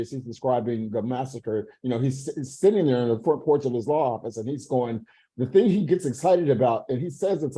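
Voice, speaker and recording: A man's voice: mid-range voice, warm tone, husky, rough recording. A man on a panel talking in a rambling way with many fillers over a video call. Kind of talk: panel discussion.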